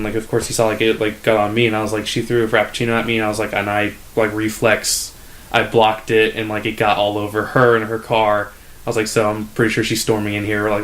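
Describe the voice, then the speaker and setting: A young man co-hosting a comedy podcast, telling a rambling story full of "like" and acting out customers in a higher voice. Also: completely flat delivery, fast, fairly bright tone. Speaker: podcast co-host. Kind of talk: casual storytelling chat.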